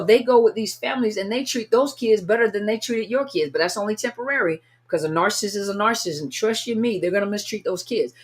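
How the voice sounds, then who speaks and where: Earnest woman teaching about grief. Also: medium pitch. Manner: earnest, repetitive, acts out inner voices. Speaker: coach on narcissist abuse recovery. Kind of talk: unscripted teaching talk.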